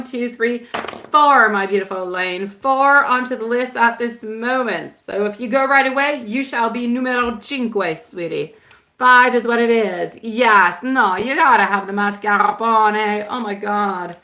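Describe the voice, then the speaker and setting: A woman hosting a live tarot stream, chatting warmly with viewers and mixing in Italian words and pet names. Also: mid-range voice. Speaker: tarot reader.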